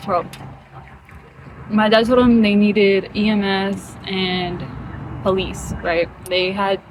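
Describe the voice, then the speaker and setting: Young woman rambling through a story time, lots of filler, street traffic loud behind her. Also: mid-range voice, little pitch movement, takes it slowly. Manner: chatty, rambling, full of fillers.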